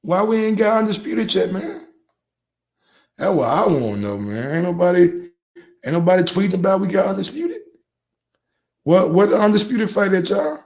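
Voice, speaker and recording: Man, sports call-in host, slightly high voice, excitable, repeats words, laughing. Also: fairly quick, vocal fry. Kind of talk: casual sports call-in talk.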